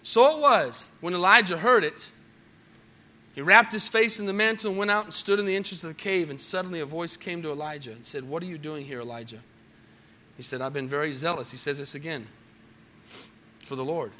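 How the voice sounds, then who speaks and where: A male pastor preaching with a high, bright, cutting voice. He drops to a hushed storytelling tone, then surges into loud, emphatic preaching, turning often to the congregation with questions. A faint hum of room noise sits behind him. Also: brisk. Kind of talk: sermon.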